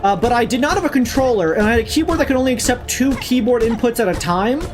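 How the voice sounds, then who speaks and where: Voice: mid-range voice, animated, fast. A streamer chats casually over gameplay, rambling and swearing freely, the voice rising and dipping a lot. Game music plays faintly underneath. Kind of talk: casual gaming commentary.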